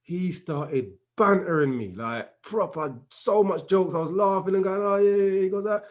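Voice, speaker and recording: A man's voice: sits high, moderate pace. A man in a casual group chat, animatedly telling a story and acting out the dialogue. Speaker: regular discussion member.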